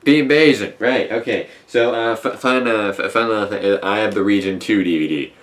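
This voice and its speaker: Guy rambling on at home in a casual vlog, lowish voice, lots of uhs and restarts. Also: normal speed, faint music behind. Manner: rambling and chatty, many restarts and fillers; swaps swear words for mild substitutes. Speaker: classic TV reviewer. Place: at home, indoors.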